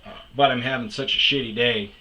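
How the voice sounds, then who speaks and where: A man's voice: medium pitch, fairly even intonation, brisk, bright, forceful tone, slight background noise. A middle-aged man hosting his own podcast, rambling through a profane, exasperated rant. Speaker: podcast host. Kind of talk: casual rant.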